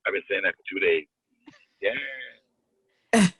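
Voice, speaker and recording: A man's voice: on the low side, moderate pace, dry recording. A man calling in as a guest comedian, chatting casually in a slangy, rambling way and repeating himself. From Springfield, Massachusetts. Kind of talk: casual chat. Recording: tinny dry phone line.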